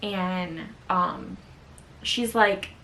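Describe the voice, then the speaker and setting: A woman's voice: lowish voice, extremely slow, gravelly, pushed and bright, distant mic, a little hiss or hum. A young woman co-hosting a casual book review chat, gushing and repeating herself with enthusiasm. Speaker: co-host. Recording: voice sitting off-mic.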